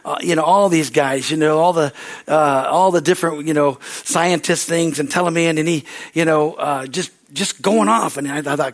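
A man preaching a sermon as pastor, building into excited shouts of praise with many hallelujahs. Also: fairly high pitch, fairly quick.

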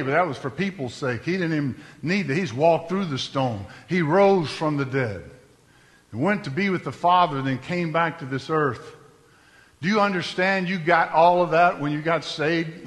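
A man preaching a sermon, folksy and joking, dropping to hushed storytelling and then rising to loud exclamations. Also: high voice, in a large hall. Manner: folksy, humorous asides. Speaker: pastor. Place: church sanctuary.

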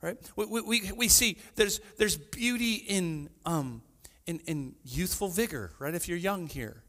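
Lively preaching man in a reverberant hall. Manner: lively, conversational preaching with frequent "right?" and restarts; reads scripture slowly and lower. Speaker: pastor. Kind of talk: sermon.

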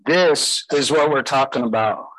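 A man's voice: mid-range voice, a little slow, fairly bright tone, no room sound, poor audio. A man preaching a sermon as pastor, emphatic, putting rhetorical questions to his listeners.

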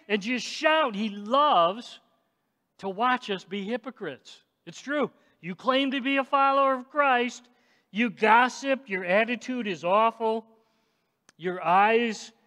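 A man preaching a sermon, speaking emphatically and directly to the congregation and rising to shouts at times. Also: high-pitched. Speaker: pastor. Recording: long echoing reverb of a large hall.

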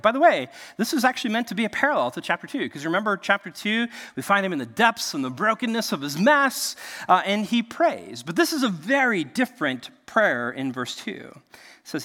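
Animated man preaching in a reverberant hall. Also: high-pitched, normal speed. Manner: conversational and animated, frequent "right?" asides. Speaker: pastor. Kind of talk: sermon.

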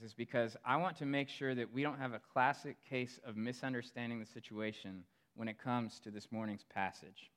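A male pastor delivers a sermon like a story, leaning in quietly and then rising to emphatic points. His voice sits in an ordinary middle register for a man. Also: mid-range voice. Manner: storytelling, swings from hushed to emphatic.

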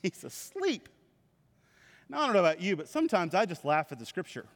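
Guy pastor with a fairly high voice, lively storytelling sermon, long echo of a big church hall. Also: racing. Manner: animated storytelling preaching. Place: church sanctuary. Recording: reverberant hall.

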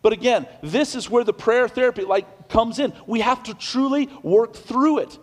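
A man preaching a sermon in a church, swinging between loud declarations and hushed, quiet passages, with conversational restarts and asides. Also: very high voice, normal speed, in a large hall. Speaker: pastor. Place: church sanctuary.

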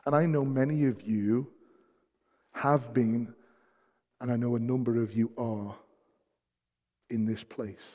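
A man preaching a sermon as pastor, shifting between soft, hushed passages and loud, emphatic peaks, repeating key phrases for weight. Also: medium pitch, fairly even intonation, slow pace, pauses often, muffled recording. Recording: long hall reverb.

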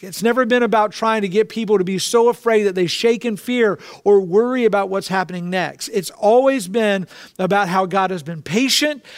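High-pitched guy preaching, punchy and repetitive, dry close mic. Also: no room sound. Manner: emphatic, repeats key phrases. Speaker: pastor. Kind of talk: sermon.

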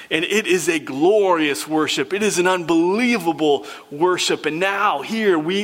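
A man's voice: high-pitched, fairly bright tone. A man preaching a sermon, reading scripture and speaking earnestly with repeated phrases for emphasis. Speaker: pastor.

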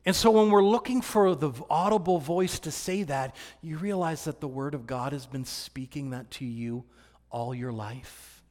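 Man, preacher, high voice, animated sermon, hushed to loud, long hall reverb. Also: normal speed.

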